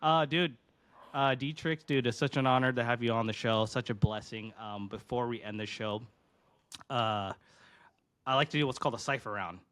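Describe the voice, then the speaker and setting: Male podcast host, 30s, bright tense voice, rambling, casual. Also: mid-range voice, normal speed, smooth. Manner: rambling, many fillers. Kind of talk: casual chat.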